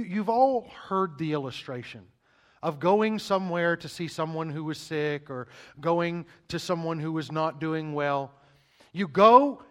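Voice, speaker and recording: A middle-aged male pastor preaching a sermon, emphatic and urgent, often repeating words as he speeds up. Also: sits high.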